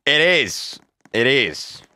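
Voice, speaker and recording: A man chatting with friends while playing a game, excitable, jokey and quick to laugh. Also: mid-range voice, noisy background. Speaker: gamer. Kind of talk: casual gaming chat with friends. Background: game music.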